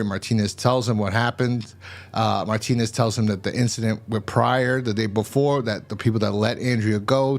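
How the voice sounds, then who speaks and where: A man hosting a casual TV episode review, recapping the plot in a rambling way and often restarting his sentences. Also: lowish voice. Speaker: show host reviewing TV episodes.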